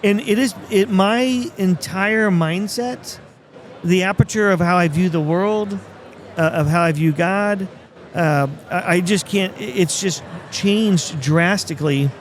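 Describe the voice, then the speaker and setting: A man's voice: sits high, measured pace. A man hosting a podcast in casual chat, reflective and affirming with his guest. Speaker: podcast host.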